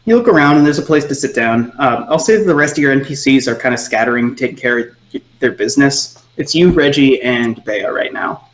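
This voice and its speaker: A man's voice: medium pitch, lively intonation, a little fast, few pauses. Laid-back male game master, echoey room. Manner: loose, filler-heavy narration. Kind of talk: narrating a tabletop game.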